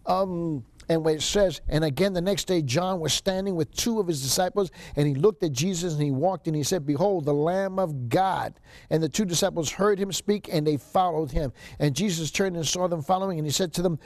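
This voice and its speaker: A male seminary lecturer with a fairly high voice, working through a Bible survey class. He reads scripture passages aloud and hammers key phrases by repeating them, with restarts and fillers along the way. The sound is dry and close, with little room echo. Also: a little mellow.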